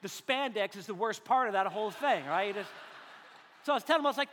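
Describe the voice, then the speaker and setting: A man's voice: high voice, expressive, a little fast, a bit bright, slight background noise. A male pastor preaching a conversational sermon with jokes, acting out little quoted voices along the way. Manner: joking, conversational, acts out quotes. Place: church sanctuary. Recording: long hall reverb.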